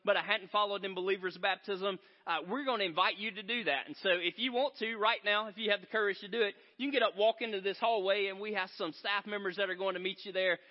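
A man's voice: sits high, fast talker, hardly any pauses. A man preaching a sermon in a large church, telling stories in a conversational, joking way. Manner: conversational storytelling, animated and joking. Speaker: pastor. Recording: reverberant hall, dull sound.

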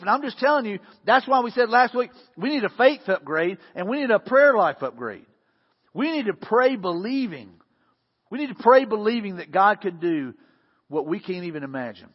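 A man's voice: high-pitched, lively intonation, moderate pace, breathy edge. A male pastor preaching a conversational sermon, often repeating words and building force when he acts out prayers. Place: church sanctuary. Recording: dull lo-fi sound with long hall reverb.

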